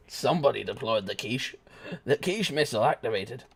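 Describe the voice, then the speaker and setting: Excitable young man streaming games. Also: mid-range voice, moderate pace, vocal fry, long pauses, slight background noise. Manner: excitable, shouts and laughs at the game; joking banter with chat. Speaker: gaming streamer. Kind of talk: live gameplay commentary.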